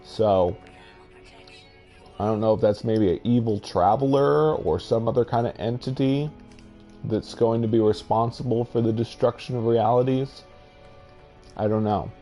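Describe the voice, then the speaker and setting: A game video host comments over his own space exploration gameplay, musing and hesitant, trailing off and restarting his thoughts. His voice is lowish with a dark tone.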